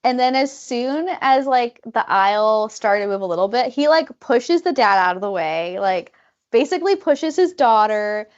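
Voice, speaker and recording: A woman co-hosting a podcast, telling a travel story in an animated way, full of "like" fillers and acted-out quotes. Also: on the high side, normal speed, highs cut off. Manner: animated, many "like" fillers, acts out quoted people. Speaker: podcast co-host. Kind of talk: casual storytelling chat.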